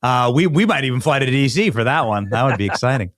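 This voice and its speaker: A man's voice: medium pitch, lively intonation, quick pace, fairly bright tone, no echo, studio quality. Chatty male host who laughs often. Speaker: show host. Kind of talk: casual interview talk.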